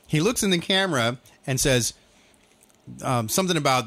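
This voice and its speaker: A man's voice: a little high, expressive, normal speed, a bit bright. A man co-hosting a casual chat, ranting about TV shows with lots of profanity and exasperation. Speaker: podcast co-host.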